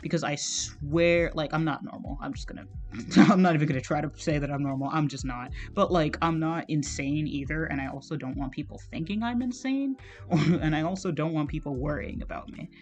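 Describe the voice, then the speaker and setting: An art streamer talks while he draws, his fairly high voice running a little fast with a darkish tone. His chatter is rambling and casual, heavy on "like" and full of swearing.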